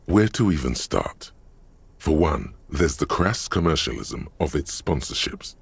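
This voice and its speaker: A deep, gravelly game narrator. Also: male voice, big pitch swings, no room sound, exaggerated voice. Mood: wry. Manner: sardonic, measured second-person narration. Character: deep-voiced male narrator, dry and wry. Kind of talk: scripted voiced narration.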